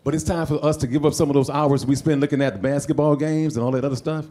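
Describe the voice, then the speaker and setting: A man who is a veteran, speaking slowly and earnestly to a panel. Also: a little high, steady tone, warm tone. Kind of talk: earnest community appeal.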